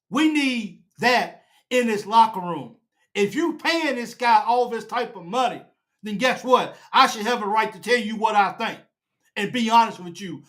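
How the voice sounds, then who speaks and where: A high-pitched man hosts a fan reaction show. He hammers his points with preacher-like repetition and climbs toward a shout. He speaks into his own camera setup. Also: lively intonation, normal speed. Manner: emphatic, preacher-like repetition, rising to near shouting. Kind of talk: casual sports reaction chat. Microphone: own camera setup at home.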